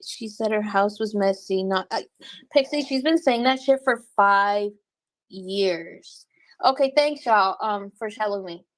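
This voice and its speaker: A woman livestreaming and reading her chat, talking bluntly with lots of cursing and quick laughs. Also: mid-range voice, no echo. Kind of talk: casual livestream commentary.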